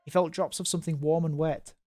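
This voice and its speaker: A man's voice: on the high side, fairly even intonation, fast, a little mellow, dry recording, faint music behind. A man reading a visual novel aloud, adding offhand, mocking comments and stumbling over words. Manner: casual, mocking asides and stumbles while reading. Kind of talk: reading aloud with casual asides.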